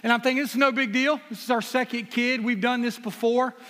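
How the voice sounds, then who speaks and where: A man's voice: very high voice, steady tone, brisk, fairly bright tone. A man, preaching as a guest with self-deprecating humor and earnest personal stories. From South Carolina. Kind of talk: sermon with personal storytelling. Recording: long reverb of a hall.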